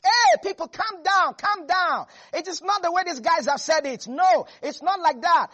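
A preacher acting out a bold male leader who calls loudly to calm a panicked crowd. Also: very high-pitched, normal speed, muffled recording, pitched above the performer's own voice. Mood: urgent rallying.

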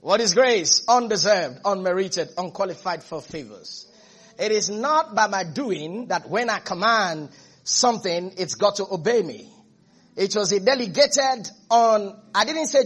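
High-pitched husky male preacher. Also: lively intonation, a little slow, a bit bright. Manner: emphatic, repetitive preaching, calling out to the congregation. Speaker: pastor. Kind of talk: sermon.

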